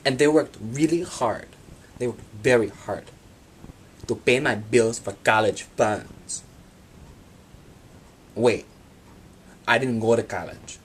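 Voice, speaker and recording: A man telling absurd comic stories about his free time in a deadpan monologue. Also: medium pitch, takes it slowly, long pauses, slight background noise. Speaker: vlogger.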